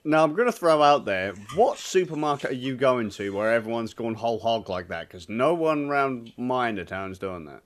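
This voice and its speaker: Bloke on a podcast, dry dark jokes, mid voice, chatty. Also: male voice, medium pitch, expressive, moderate pace, hardly any pauses. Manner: dry, dark-humoured quips. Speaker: podcast co-host. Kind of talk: casual banter.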